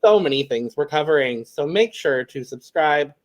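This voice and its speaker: A man's voice: fairly high pitch, expressive, normal speed. Chatty male podcast co-host. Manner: chatty, laughs often, wraps up the show. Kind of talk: casual podcast chat.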